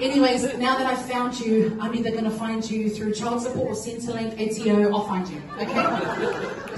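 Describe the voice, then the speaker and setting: A woman's voice: on the high side, heavy background noise. Brash woman teasing a live crowd. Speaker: stand-up comedian. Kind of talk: live stand-up comedy. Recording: echoey live room, from far off. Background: audience and music.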